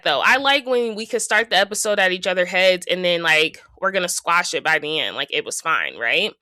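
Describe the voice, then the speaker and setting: Chatty low-voiced woman podcaster. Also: expressive, a little fast, few pauses, bright, forceful tone, no room sound. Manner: chatty, gossipy, quotes people in playful asides. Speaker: podcast host. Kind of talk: casual reality TV recap.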